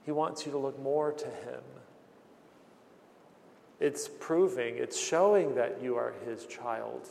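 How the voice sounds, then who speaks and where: A man's voice: mid-range voice, slow, vocal fry, pauses often, a little mellow. A man preaching a sermon as pastor, earnest, acting out the voices he quotes and often restarting his words. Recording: long hall reverb.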